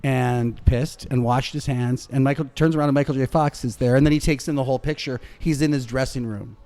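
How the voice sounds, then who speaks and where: A man's voice: mid-range voice, a little fast. A male comedian guest telling anecdotes in casual chat, acting out the voices of the people in them. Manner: animated, acts out voices in anecdotes. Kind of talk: casual storytelling. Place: restaurant bar.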